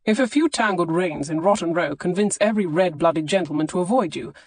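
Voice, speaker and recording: A woman voicing a teasing aristocratic gentleman in an audiobook, delivering his lines with dry, wry understatement. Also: lowish voice, animated, brisk. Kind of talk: audiobook character dialogue.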